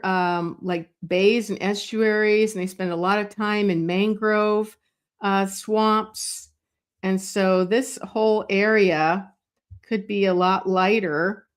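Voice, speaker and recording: Slow, musing woman teaching drawing. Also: medium pitch. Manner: slow, thinking aloud with fillers while drawing. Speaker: art teacher. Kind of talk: drawing tutorial.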